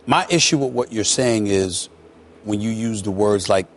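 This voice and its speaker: A man's voice: on the low side, normal speed, slight background noise. A man hosting a sports debate show, pressing his points combatively and repeating himself.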